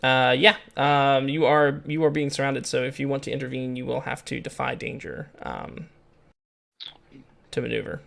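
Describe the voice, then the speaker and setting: A man narrating as game master of a tabletop game, talking haltingly with many fillers and restarts. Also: mid-range voice, steady tone, creaky, fairly bright tone.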